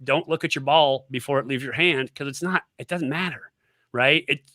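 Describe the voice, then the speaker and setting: A man's voice: medium pitch, normal speed, pushed and bright, dry recording, clean studio sound. A middle-aged man, a former quarterback and coach, speaking as a guest who makes emphatic points and tells stories. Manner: emphatic, repeats points, storytelling. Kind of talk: casual interview, coaching talk.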